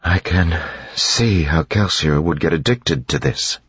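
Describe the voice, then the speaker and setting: A man's voice: deep voice, measured pace, fairly bright tone, husky, no room sound, full character voice. A man voicing a young woman fighter, earnest and breathless with emotion, in a dull lo-fi audiobook recording. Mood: intense. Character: young woman, fierce fighter turned tender.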